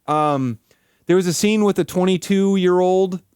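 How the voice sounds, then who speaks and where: A man's voice: sits high, a little slow, a little mellow, smooth, no echo, studio quality. A man streaming live, ranting casually in a rambling, profane way full of "like". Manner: rambling, profane, heavy use of "like". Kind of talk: casual livestream rant.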